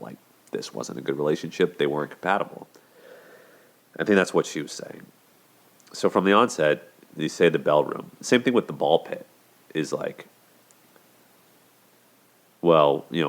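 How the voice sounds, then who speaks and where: A man hosting a show, giving casual commentary on relationships in a conversational way, with plenty of fillers and restarts. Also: sits low. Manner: conversational, many "you know" and "like" fillers and restarts. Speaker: host.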